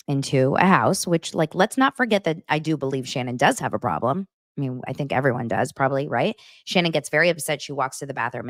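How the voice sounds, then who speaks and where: A woman with a bass voice hosts a podcast, offering casual commentary on a reality show and animatedly acting out cast lines in mocking voices. It's a dry recording with clean studio sound.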